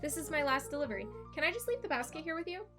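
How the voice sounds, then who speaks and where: A woman's voice: sits high, expressive, rapid-fire, over music. A woman reading a polite young boy. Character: polite, curious twelve-year-old boy.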